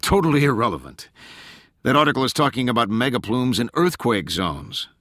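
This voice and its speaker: A level-headed oceanographer walking others through the science, as a man voices him. His tone is bright and forward, slightly above the narrator's pitch, recorded close and dry. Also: sing-song, brisk, no echo. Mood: explaining. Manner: patient, explanatory. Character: calm, explaining male oceanographer.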